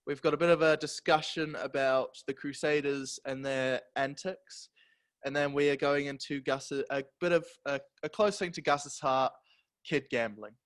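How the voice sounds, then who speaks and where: A man's voice: mid-range voice, steady tone, normal speed, fairly bright tone. A young man, co-hosting a casual podcast, joking while he introduces the segments. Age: young adult. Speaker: podcast co-host. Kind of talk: casual chat.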